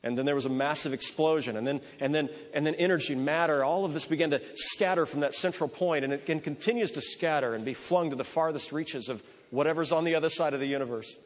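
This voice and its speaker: A man's voice: a little high, fast talker, hardly any pauses. A man preaching a sermon, telling a story in a conversational way that strings lines together with repeated ands. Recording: echoey hall.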